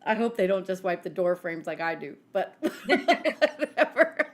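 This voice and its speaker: A woman co-hosting a podcast, telling self-mocking stories in an animated casual chat. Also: mid-range voice, slow. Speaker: podcast co-host.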